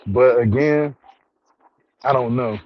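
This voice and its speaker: A man's voice: medium pitch, takes it slowly, muffled recording. Laid-back man chatting casually. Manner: laid-back, slangy, chuckles often. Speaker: show review host. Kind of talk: casual chat.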